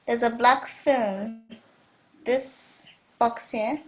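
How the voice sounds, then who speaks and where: A woman's voice: a little high, fairly even intonation, very slow. A woman giving step-by-step directions in a casual video call. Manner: instructive, gives step-by-step directions. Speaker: team member showing the steps.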